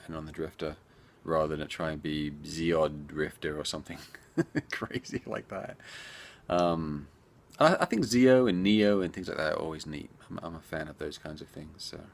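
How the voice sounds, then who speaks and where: Speaking with an extremely low pitch and vocal fry, a man who makes indie games rambles chattily through viewers' questions, addressing them directly in a casual Q&A. A little hiss or hum runs under the recording.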